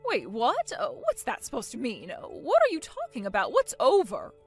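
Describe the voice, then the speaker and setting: Woman playing a loud demanding mother-in-law, indignant, lively swooping pitch, faint music underneath. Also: moderate pace, heavily acted. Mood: outraged. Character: bossy angry middle-aged mother-in-law. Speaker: voice actor. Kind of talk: animated story voice acting.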